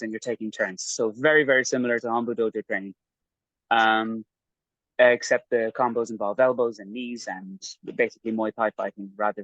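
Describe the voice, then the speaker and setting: A man chats casually on a podcast, rambling with many fillers and making fun of himself as he describes his training. His voice sits at an ordinary pitch, and the sound is close and dry. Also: a bit bright, no echo, rough recording. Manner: rambling, self-mocking storyteller. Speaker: podcast guest recounting training. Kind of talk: casual chat.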